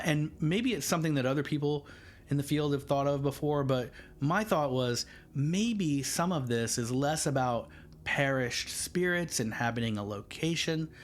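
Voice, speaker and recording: A man hosting a podcast on his own, talking casually in a rambling, chatty way with self-deprecating asides. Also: mid-range voice. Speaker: podcast host. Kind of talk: casual solo podcast monologue.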